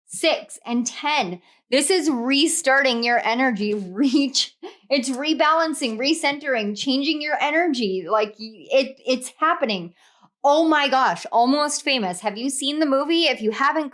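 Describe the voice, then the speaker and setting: A young woman with a slightly high voice reads tarot cards in a casual, gushing way. She gets emotional and laughs often between her words. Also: a bit bright. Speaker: tarot reader.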